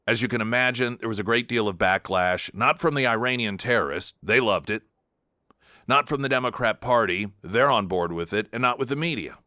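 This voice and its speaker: A man's voice: medium pitch, brisk, bright, forceful tone, no room sound, clean studio sound. A man hosting a talk radio show, delivering an emphatic, combative political monologue with sarcastic asides.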